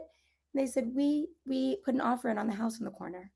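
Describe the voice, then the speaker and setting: A middle-aged woman with a slightly hoarse voice, telling a story in a casual group conversation and acting out what people said. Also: on the high side, fast. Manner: animated storyteller, acts out quotes, laughs while telling. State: slightly hoarse, clearing throat. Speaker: property clearing practitioner.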